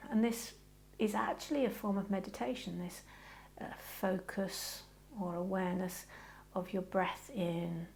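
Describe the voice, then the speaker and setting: A woman leads a yoga class with a gentle, reassuring manner. Her voice carries a gravelly, fry-tinged texture at a middle pitch. She chats warmly between slow, soft breathing cues. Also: steady tone, a little hiss or hum. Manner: gentle, reassuring, chatty with frequent "okay". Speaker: yoga teacher. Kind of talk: guided yoga class instruction.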